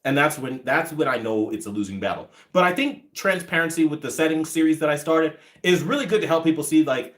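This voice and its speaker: A man's voice: on the high side, fairly quick, hardly any pauses, fairly bright tone. A man in his thirties hosting a live chat, answering viewers' comments in a blunt, profane, ranting way. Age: 30s. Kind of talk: casual livestream chat.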